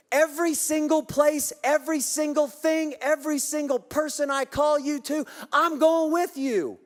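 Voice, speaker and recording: A passionate man preaches to a large church crowd, his voice pitched notably high. He leads the room in repeated call-and-response lines. Long reverb from the big auditorium trails each phrase. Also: fairly even intonation, moderate pace, hardly any pauses. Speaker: pastor. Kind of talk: sermon. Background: congregation in the room.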